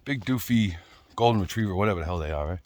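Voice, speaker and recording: Blunt ranting man, lively pitch. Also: fast. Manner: blunt, swearing, repeats "right?" and "you know?". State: out of breath at times. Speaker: vlogger. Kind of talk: casual ranting monologue.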